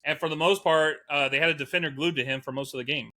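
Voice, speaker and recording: Bright, lively man co-hosting a casual chat. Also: a little high, fast. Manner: animated, laughs often, reads out stats. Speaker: co-host.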